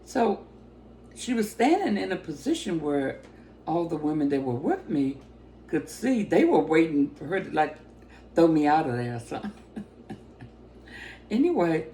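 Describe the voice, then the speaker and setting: A woman giving a personal testimony as a story, talking with excitement and breaking into laughter often. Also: low-pitched, a little hiss or hum.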